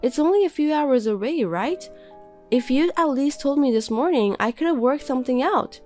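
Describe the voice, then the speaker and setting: A woman's voice: high-pitched, animated, normal speed, a little mellow, faint music behind, pitched above the performer's own voice. Defensive tired housewife, raised voice of a woman reader, pleading. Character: tired, hurt young housewife. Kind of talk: reading a text-message story.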